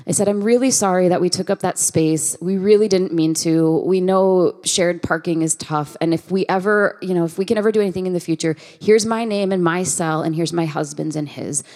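A woman's voice: lowish voice, fairly quick, few pauses. A woman, preaching a conversational sermon full of personal stories and quoted dialogue. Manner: conversational, lively, acts out quoted voices. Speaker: guest preacher.

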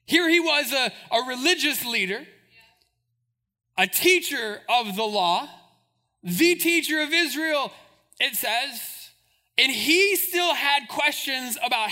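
A man's voice: very high voice, animated, slow, sharp tone. A man preaching a sermon as pastor, emphatic and repetitive, building his points phrase by phrase.

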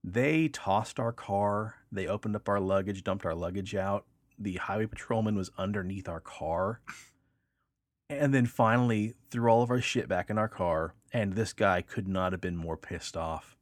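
A young man co-hosting a podcast, telling a story in a casual, animated way and acting out voices in the quotes. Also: lowish voice, moderate pace, no echo. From Texas, raised in Kansas. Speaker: podcast co-host.

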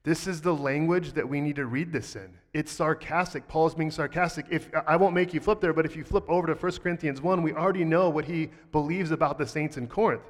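A man preaching a sermon, talking in a relaxed, conversational way with a playful, sarcastic streak, and reading scripture aloud. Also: on the high side, fairly quick, few pauses, big-room sound. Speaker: pastor.

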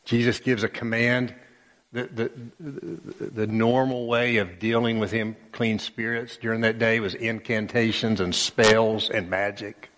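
A man preaches with slow, deliberate emphasis, his voice sitting on the low side. He tells the scripture story dramatically, leaning into key words. A long reverb rings around him in a church sanctuary. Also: flat delivery, fairly bright tone. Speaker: pastor. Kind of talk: sermon.

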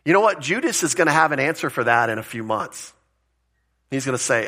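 A man's voice: mid-range voice, big pitch swings, brisk, sharp tone. A male pastor giving a conversational sermon, explaining word meanings and asking rhetorical questions, with the odd chuckle.

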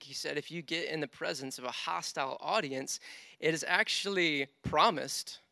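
A man preaching a sermon, telling a personal story with animated, self-deprecating humor. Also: a little high, creaky, no echo, studio quality. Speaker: pastor.

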